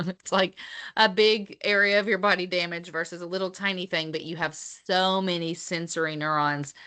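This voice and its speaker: A woman's voice: on the low side, bright, forceful tone. A woman teaching physical therapy students in a casual lecture, with lots of fillers as she explains.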